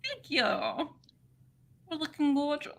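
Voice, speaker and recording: A woman's voice: sits high, big pitch swings, measured pace. A woman co-hosting a casual livestream, bubbly and laughing, greeting viewers by name. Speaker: livestream co-host.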